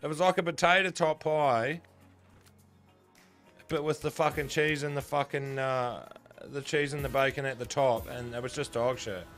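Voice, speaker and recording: A young New Zealand man live-streams slots as a gambling streamer, chatting casually, swearing often, and bantering with his chat. His mid-range voice is steady and fairly bright at normal speed, with soft music underneath.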